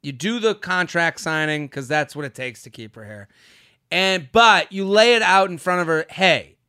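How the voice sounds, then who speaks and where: A man with a high, bright voice hosts a casual podcast, animated, joking and cursing freely. His voice sits close and dry in the mic, with no room sound around it. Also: normal speed, clear, resonant tone, dry recording. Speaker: podcast host.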